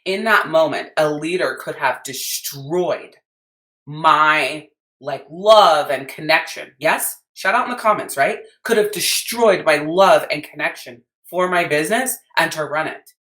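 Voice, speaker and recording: A woman's voice: deep voice, expressive, measured pace, fairly bright tone, roomy sound. A woman business coach with an American accent telling a story in a blunt, emphatic podcast rant, swearing freely.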